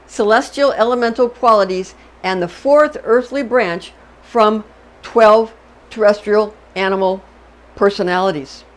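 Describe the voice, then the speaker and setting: A middle-aged woman with a fairly high voice gives an unscripted astrology lecture as a channel host. She talks in a chatty, digressive way, often repeating words and asking "okay?" to keep the listener with her.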